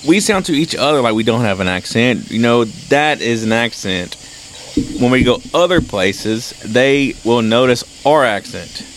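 A man with a Central Louisiana accent, chatting in a relaxed, plain-spoken way and asking questions. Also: medium pitch, unhurried, slight background noise, poor audio. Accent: Central Louisiana Southern. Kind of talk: casual chat.

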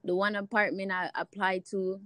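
A young woman tells her story with a Jamaican lilt, switching between her own voice and the voices of people in her tale. Her delivery is lively and expressive, with easy laughter. The sound is dry and close, with little room echo. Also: medium pitch, normal speed. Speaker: guest sharing a testimony. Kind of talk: animated faith storytelling.

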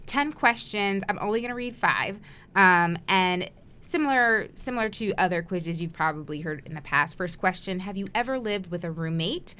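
A woman's voice: lowish voice, animated, moderate pace, bright, forceful tone, smooth. A young woman hosting a podcast in a casual, chatty way, with frequent ums and easy laughs. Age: young adult. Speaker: podcast host.

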